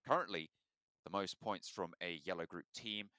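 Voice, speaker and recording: A man's voice: low voice, moderate pace, bright, forceful tone. A man casting an esports tournament, steadily talking through points and benchmarks. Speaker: esports caster. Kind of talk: esports commentary.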